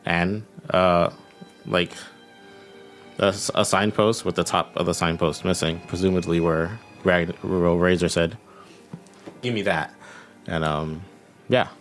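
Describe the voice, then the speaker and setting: A man's voice: low voice, level tone, a little slow, soft background music. A young man narrating as game master in a casual, chatty way, with frequent laughs.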